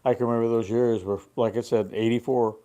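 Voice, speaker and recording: An older man co-hosting a fishing show, chatting casually and telling animated stories about the old days. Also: mid-range voice, brisk. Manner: lively storyteller, animated. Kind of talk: casual chat.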